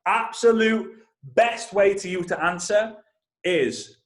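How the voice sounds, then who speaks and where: A man's voice: high-pitched, slow, reverberant. A man in his thirties, a network marketing trainer telling a story and talking straight to his listeners. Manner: animated, addresses listeners directly. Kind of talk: energetic storytelling talk.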